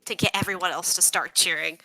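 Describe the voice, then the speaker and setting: Brash, bright-voiced woman player. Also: on the low side, steady tone, fairly quick, a little hiss or hum. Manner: brash, swaggering and crude. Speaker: tabletop game player. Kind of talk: casual in-character play.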